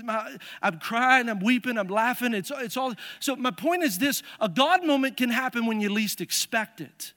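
High-voiced, bright-toned male pastor preaching. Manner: animated preaching with rising emphasis. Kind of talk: sermon. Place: church sanctuary. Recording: echoey church hall.

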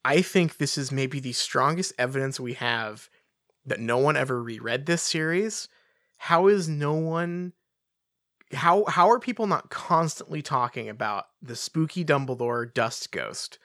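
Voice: medium pitch, lively intonation, a little slow, fairly bright tone, no room sound, studio quality. A podcast co-host in casual chat, mocking and incredulous, often breaking into laughter.

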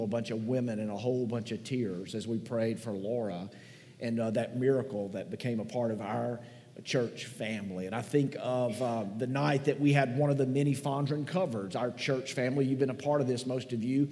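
Sentimental pastor in a reverberant hall. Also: male voice, mid-range voice, fairly even intonation, fairly quick, mellow. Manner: conversational, folksy, sentimental storytelling. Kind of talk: sermon. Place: large church hall.

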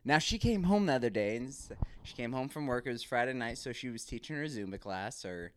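A man's voice: medium pitch, expressive, a little fast, smooth. Candid man rambling through a story. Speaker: podcast host. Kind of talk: casual monologue. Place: Texas, recorded live.

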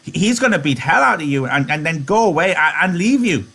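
A man's voice: a little high, animated, brisk, vocal fry, sharp tone, breathy edge, voice pushed up, full character voice. A man reading aloud and voicing a giant imaginary rabbit that jeers and taunts with cruel scorn. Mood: scornful.

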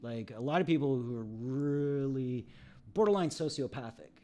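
A man's voice: medium pitch, moderate pace, warm tone. A middle-aged man, an emotional recovery coach, talking candidly in a casual interview and acting out bits of dialogue as he tells stories.

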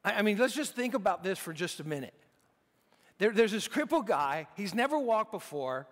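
A man's voice: high-pitched, sing-song, moderate pace, in a large hall. A man preaching a sermon in a conversational way, often restarting his sentences. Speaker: pastor.

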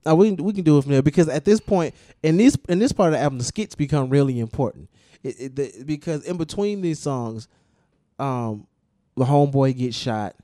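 A man's voice: a little high, animated, a little fast, dark tone, dry recording, clean studio sound. A man hosting a casual podcast and explaining at length, with restarts and emphatic repetition. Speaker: podcast host discussing music.

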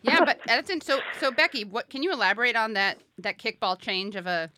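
A woman's voice: a little high, brisk, bright, forceful tone, slight background noise. A woman hosting a political talk show, playful and bantering, often laughing with her co-host and guests. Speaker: podcast host.

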